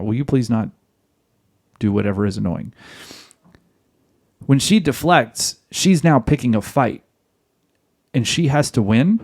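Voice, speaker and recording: With a darkish, mid-range voice, a podcast host lectures other men on marriage. His monologue is direct and preachy, and he calls his listeners guys.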